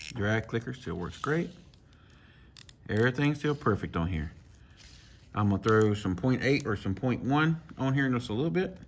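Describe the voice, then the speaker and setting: A man, casually talking viewers through swapping a reel handle, folksy and relaxed as he works. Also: lowish voice. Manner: relaxed, talks to himself while working, folksy. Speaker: fishing channel host. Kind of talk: casual hands-on tutorial.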